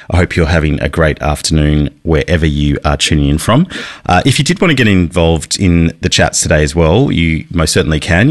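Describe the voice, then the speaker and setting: A man hosting a radio travel show, chatting casually about his trips in a relaxed, rambling way. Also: extremely low pitch. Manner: relaxed, rambling with fillers and restarts. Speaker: radio host.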